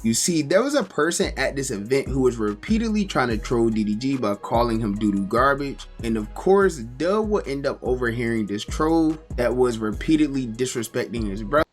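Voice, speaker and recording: Man narrating with a lively pitch. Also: moderate pace, hardly any pauses, faint music behind. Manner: storytelling, explanatory. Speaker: commentary narrator. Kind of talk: scripted commentary narration.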